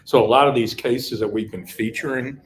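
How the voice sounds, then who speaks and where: A man's voice: mid-range voice, a little fast, rough recording. A man who works as a crime reporter talks in an easy, conversational way. His voice sits in a middle range. He tells stories at length and repeats words as he gathers his thoughts. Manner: storytelling, repeats words while thinking. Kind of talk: casual studio chat.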